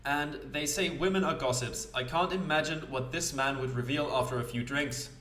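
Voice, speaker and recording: A man voicing a sharp-tongued young woman investigator with a British accent and a wry, dry manner. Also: on the high side, normal speed, reverberant, distant mic, soft background music, natural voice.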